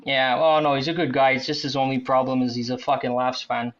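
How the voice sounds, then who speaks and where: A man's voice: medium pitch, little pitch movement, brisk, dull audio. A man, a superfan guest ranting profanely in casual podcast chat. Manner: profane, ranting fan banter.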